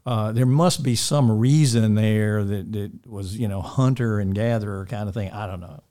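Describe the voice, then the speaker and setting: A man's voice: lowish voice, moderate pace. An older man, a school dean, chatting in an interview with many restarts and fond chuckles. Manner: rambling, warm-hearted, with many restarts and chuckles. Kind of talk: casual interview chat.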